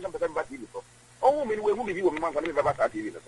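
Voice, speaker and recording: A man, rambling in halting speech with many repeated words as an interview guest on radio. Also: high-pitched, lively intonation, fairly bright tone, rough recording. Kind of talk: casual interview.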